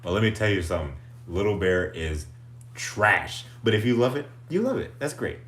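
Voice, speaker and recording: A man hosting a livestream in casual chat, goofy and animated, laughing often. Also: fairly low pitch, normal speed, reverberant. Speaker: livestream host.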